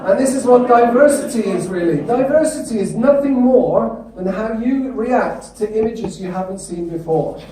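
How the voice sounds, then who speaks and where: British male keynote speaker, higher voice, engages the room, recorded far off in a reverberant hall. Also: moderate pace, few pauses, dark tone. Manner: engaging, asks the audience questions. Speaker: conference speaker. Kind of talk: humorous keynote talk. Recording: echoey hall, mic far off.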